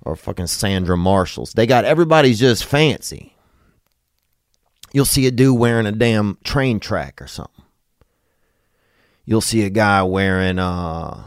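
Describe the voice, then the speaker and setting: A man's voice: deep voice, no echo, clean studio sound. A man from Louisiana, hosting a podcast in a rambling, profane, comedic monologue. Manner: rambling, profane, drawling asides. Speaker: podcast host.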